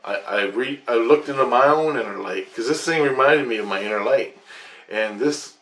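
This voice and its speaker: A man's voice: medium pitch, normal speed, fairly bright tone, reverberant. A man vlogging a rambling account of a dream, repeating himself, restarting sentences and swearing often. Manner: repetitive with restarts and frequent swearing.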